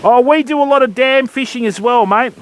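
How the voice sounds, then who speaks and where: A man's voice: extremely high pitch, a little fast, fairly bright tone, slight background noise. An older Australian man hosting a fishing livestream from a beach, chatting casually and greeting viewers as mate and bud while he rigs and casts. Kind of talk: casual live-stream chat while fishing. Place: beach by the surf, outdoors.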